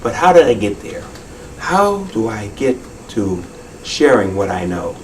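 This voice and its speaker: A man's voice: on the low side, very animated, unhurried, far from the mic, slight background noise, low-quality recording. A man hosting a children's magic show, talking viewers through his tricks in a friendly, instructive way.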